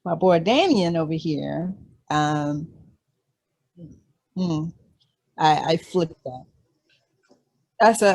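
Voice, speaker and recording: A man's voice: on the high side, lively intonation, extremely slow, gravelly, long pauses, a little mellow, poor audio. A young man, a guest who hosts his own podcast, chatting in a laid-back, easygoing way. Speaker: guest, fellow podcast host. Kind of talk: casual interview chat.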